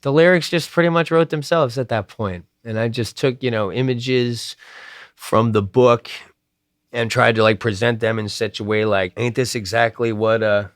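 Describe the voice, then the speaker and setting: A man's voice: mid-range voice, moderate pace, dry recording, clean studio sound. A man in his late thirties from New Jersey, a songwriter and band frontman, talking casually in an interview about making an album. He rambles with lots of fillers and makes sardonic asides.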